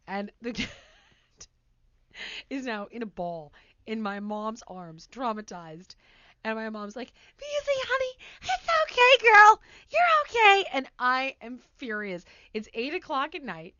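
A woman talk show host telling a story in a casual, animated way, acting out scenes as she goes. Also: medium pitch, normal speed, dry recording, muffled recording. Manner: animated, laughs mid-sentence, acts out scenes.

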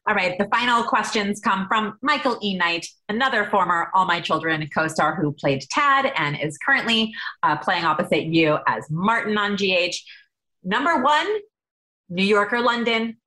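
A woman co-host reading guest questions aloud. Her voice is bright and sharp, and her pitch moves a lot. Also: lively intonation, moderate pace, poor audio. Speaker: podcast co-host.

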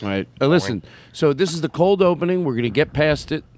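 A man hosting a comedy podcast, talking in loose, loud banter and slipping into silly voices. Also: on the high side, quick pace, a little hiss or hum. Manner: animated, loud, lots of silly voices and bits. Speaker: podcast host. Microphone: studio mic.

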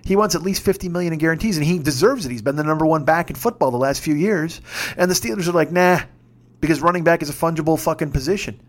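A man in his fifties telling a story in a casual podcast monologue, swearing freely and shouting when he gets worked up. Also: a little high, rapid-fire. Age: 50s. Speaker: podcast host.

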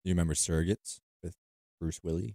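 A man co-hosting a podcast, laid back in casual chat and dropping quick quips. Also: low voice, fairly even intonation, creaky, dark tone, dry recording, studio quality. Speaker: podcast co-host.

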